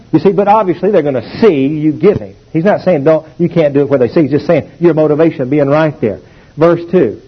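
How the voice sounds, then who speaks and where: A man preaching a sermon, emphatic and animated, calling on the congregation to repeat after him. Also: a little high, a little fast, breathy edge. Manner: emphatic, animated teaching with call-and-response. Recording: dull lo-fi old recording.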